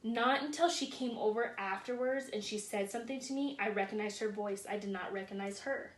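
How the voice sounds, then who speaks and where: A woman, a guest in a casual interview, telling her story in a calm, matter-of-fact way. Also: medium pitch, a little fast, roomy sound.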